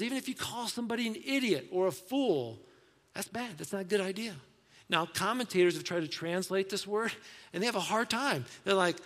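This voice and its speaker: A man preaching a sermon in a conversational way, acting out quoted voices and dropping to soft asides. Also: high-pitched, big-room sound. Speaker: pastor.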